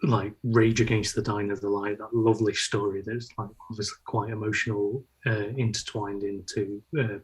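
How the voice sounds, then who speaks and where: A man speaks as a podcast guest in a husky, somewhat low voice. He keeps a flat, level tone and talks haltingly, with frequent ums and likes. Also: poor audio. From United Kingdom. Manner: halting, with many fillers. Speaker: podcast guest, brand manager. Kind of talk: casual podcast conversation.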